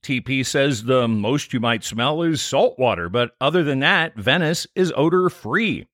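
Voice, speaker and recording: A man's voice: medium pitch, expressive, a little slow, a bit bright, no echo, studio quality. A man co-hosting a podcast, reading a scripted episode recap with trivia in an upbeat manner. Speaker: podcast co-host.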